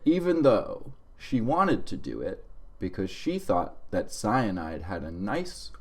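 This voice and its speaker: A man's voice: lowish voice, wildly swooping pitch, slow, a little mellow. A man co-hosting a comedy podcast, reading out a list of odd facts in a dry, casual way. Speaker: podcast co-host.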